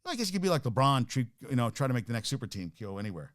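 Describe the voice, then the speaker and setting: A man hosts a sports talk show in a loose, worked-up rant, swearing and stumbling over restarts. His voice sits in a middle pitch. The sound is dry and close, with no room around it. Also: very animated, racing, dry recording. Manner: worked-up, ranting, profane, rambling with restarts.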